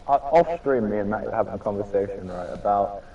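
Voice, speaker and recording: A man's voice: on the low side, lively intonation, a little fast, dark tone, lo-fi sound. A man co-commentating an online sim race in a teasing, laughing manner. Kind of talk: casual live race commentary. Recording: distant mic with crowd noise.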